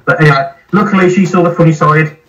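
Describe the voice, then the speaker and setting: A man's voice: fairly high pitch, fast talker, distant mic, lo-fi sound. A man who runs a site, telling stories in casual, swearing podcast talk. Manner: swears freely, animated storyteller. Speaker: airsoft site owner, guest.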